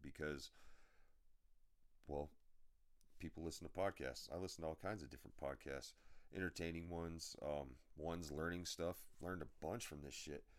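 A man's voice: very deep voice, steady tone, normal speed. A man hosting a podcast, telling rambling, profane delivery-driver stories in a blunt, casual way. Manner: profane, blunt storytelling with frequent filler. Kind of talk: rambling anecdotal podcast chat.

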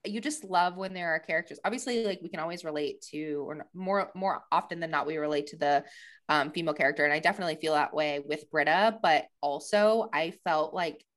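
A woman's voice: sits low, brisk, fairly bright tone. A woman co-hosting a podcast, rambling enthusiastically about a book character. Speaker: podcast co-host. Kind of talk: casual podcast chat.

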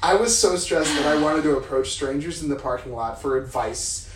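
A man's voice: fairly high pitch, moderate pace, few pauses, recorded from a distance. A man co-hosting a podcast with his partner, talking candidly and casually, laughing and swearing freely. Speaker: podcast co-host. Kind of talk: casual couple chat. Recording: roomy echo from off-mic, faint noise.

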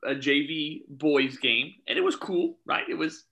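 Casting: man, referee storyteller, very bright voice, a little high, animated, quotes people. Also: a little slow, gravelly, lo-fi sound. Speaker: youth soccer referee. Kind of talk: casual chat, storytelling.

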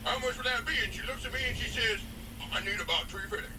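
A rambling old storyteller, high and distant. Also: male voice, quick pace. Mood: storytelling. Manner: folksy, grumbling storyteller. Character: rambling older man telling a tall tale. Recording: distant, noisy clip played from a show.

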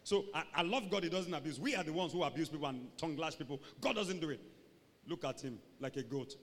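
A man preaching a sermon as pastor, animated, swinging from booming shouts to low mocking asides. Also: quick pace. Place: church hall. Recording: reverberant church hall.

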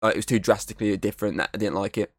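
A man's voice: on the low side, steady tone, rapid-fire, dry recording, studio quality. A man co-hosting a podcast, talking in a loose, rambling way that is full of fillers and swearing. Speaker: podcast co-host. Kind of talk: casual chat.

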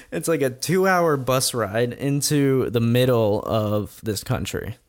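List: man, casual storytelling, profane, chuckling, mid-pitched voice, commentary on a documentary. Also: slow. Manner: profane, laughing, animated retelling.

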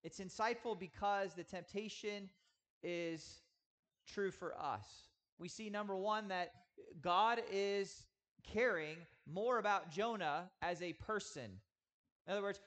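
Man, 30s, pastor delivering a sermon; slightly high voice, earnest and emphatic. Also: fairly bright tone. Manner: earnest, emphatic with slow drawn-out stresses. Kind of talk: sermon teaching.

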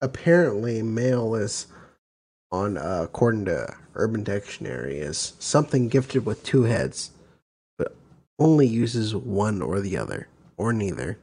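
A man's voice: fairly low pitch, big pitch swings, unhurried, darkish tone, husky. A man hosting a casual chat podcast, joking, swearing and mocking himself as he reads posts aloud. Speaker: podcast host.

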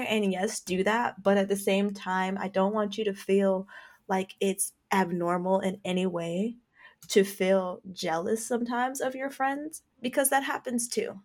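A woman co-hosting a casual podcast chat. She talks earnestly and gives advice, with plenty of filler words. Her voice sits at a medium pitch. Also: steady tone, a little slow, a little mellow. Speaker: podcast co-host.

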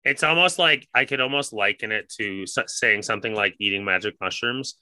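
Bright, dry-voiced young man telling a story. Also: on the low side, a little fast, dry recording. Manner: rambling, profane, heavy use of "like". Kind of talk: casual storytelling chat.

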